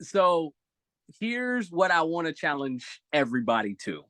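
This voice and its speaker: Expressive man giving motivational advice. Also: a little high, a little slow, no echo. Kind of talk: live video-call talk show. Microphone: video call.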